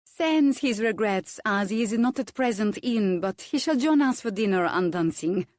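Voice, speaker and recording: A woman's voice: medium pitch, lively intonation, normal speed, a little mellow, dry recording, studio quality, pitched above the performer's own voice, close to an everyday voice. A woman voicing a vain, catty French vicomtesse with a precious French accent and a purring, falsely sweet manner. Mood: flustered.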